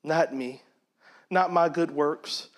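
High-voiced man teaching a Bible lesson. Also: slow pace. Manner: conversational, acts out quoted voices. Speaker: preacher.

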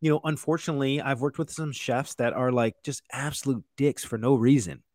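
A man's voice: mid-range voice, fairly quick, a little mellow, dry recording, studio quality. A man in his thirties, a chef, telling stories in a loose, casual way with lots of "like" and "you know" and some swearing. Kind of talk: casual storytelling chat.

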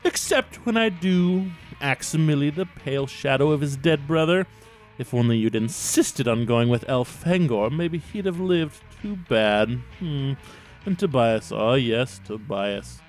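A man voicing a mocking, sinister male alien trickster, reading his taunts slowly and slyly on a podcast. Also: mid-range voice, a little mellow, lightly acted. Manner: taunting, drawn-out, sly.

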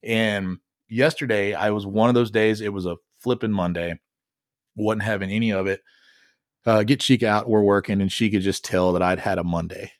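Podcast host dude, kinda low voice, rambly and jokey, dry close mic. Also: male voice, steady tone, normal speed, no room sound. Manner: laid-back, rambling, joking. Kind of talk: casual podcast chat.

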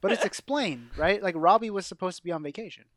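In clean studio sound with no echo, this podcast co-host talks quickly in a high-pitched, fairly bright voice. His casual chat is hesitant and full of fillers and restarts as he hunts for words.

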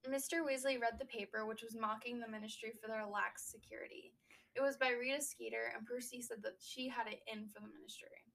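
A young woman co-hosting a casual book podcast, recapping a chapter and riffing with quick asides. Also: fairly high pitch, steady tone, vocal fry, a bit bright, far from the mic, low-quality recording. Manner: chatty, recaps then riffs with quick asides. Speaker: book discussion podcast host.

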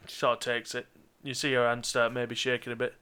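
A man narrating a tabletop game as game master, relaxed and a little hesitant. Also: mid-range voice, brisk, clean tone.

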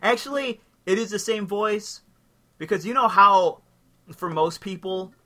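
A man's voice: sits high, unhurried, bright, forceful tone. A young man co-hosting a podcast, riffing in crude, profane casual banter. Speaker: podcast co-host. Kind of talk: casual comedy chat.

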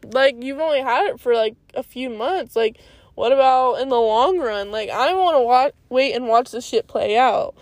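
A woman in her twenties talking through her week in a casual vlog, full of slang, fillers and cursing. Her voice sits a little high for a woman. The sound is close and dry, with no room in it. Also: moderate pace, a little mellow, no echo. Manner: slangy, swears freely, lots of "like". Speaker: vlogger. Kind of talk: casual confessional storytime.

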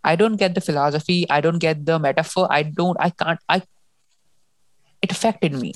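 A woman's voice: low voice, normal speed, no echo. A woman co-hosting a casual book discussion, talking emotionally and often restarting as she reacts to the story. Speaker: podcast co-host.

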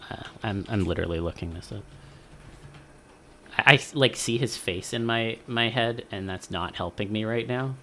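Brief: male podcast co-host, bright forward tone, lively and profane, acts out quotes. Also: lowish voice, moderate pace, a little hiss or hum. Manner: animated, swears often, acts out quoted lines. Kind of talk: casual podcast chat.

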